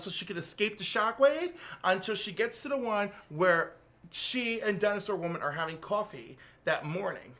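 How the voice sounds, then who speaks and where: A man co-hosting a casual podcast, recapping a comic book and acting out the characters' lines in quick voices. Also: sits high, a bit bright. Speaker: podcast co-host.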